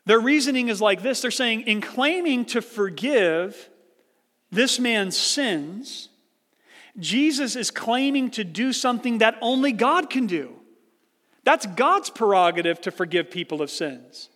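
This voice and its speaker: A man's voice: extremely high pitch, animated, measured pace, fairly bright tone. A man preaching a sermon as pastor, earnest, building his points with rhetorical questions. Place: church sanctuary. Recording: reverberant church hall.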